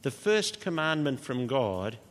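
A man preaching an expository sermon, changing his pitch and loudness for emphasis. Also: big pitch swings, measured pace. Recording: long hall reverb.

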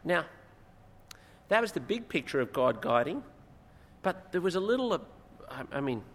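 Male preacher, slightly high voice, expository sermon, echoing hall. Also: moderate pace. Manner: expository, rises in emphasis, animated retelling. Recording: long hall reverb, faint noise.

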